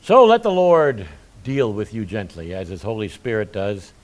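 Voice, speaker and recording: A man's voice: lowish voice, wildly swooping pitch, moderate pace. A middle-aged male pastor preaching a sermon, with folksy asides between his points.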